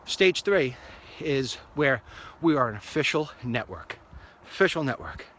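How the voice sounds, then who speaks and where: A man's voice: medium pitch, sing-song, unhurried, fairly bright tone, slight background noise. A man hosting his own online show, chatting in a rambling, upbeat way while walking outdoors along a street. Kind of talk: casual walk-and-talk monologue.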